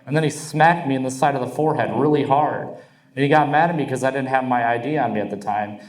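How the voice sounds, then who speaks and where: Guy doing raunchy standup, animated, mid-pitch voice, roomy club sound. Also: quick pace. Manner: crude, animated storytelling with crowd asides. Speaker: stand-up comedian. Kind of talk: stand-up comedy storytelling. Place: comedy club stage. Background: audience laughter.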